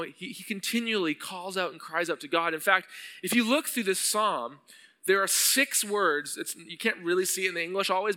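A man's voice: high voice, bright, forceful tone, long reverb tail. A male pastor preaching an earnest sermon, at times rising to a pleading intensity as he reads scripture. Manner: earnest, builds to pleading intensity when voicing psalm verses.

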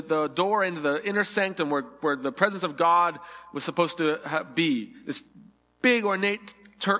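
A man's voice: a little high, sharp tone, big-room sound. A man preaching a sermon, earnest and vivid, acting out the scripture dialogue with shifting emphasis. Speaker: pastor.

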